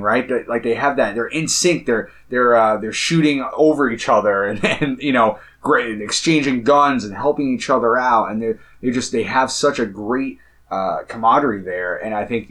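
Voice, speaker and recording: A man co-hosting a casual podcast, earnestly retelling film scenes in detail and often trailing off softly. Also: medium pitch. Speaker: podcast co-host.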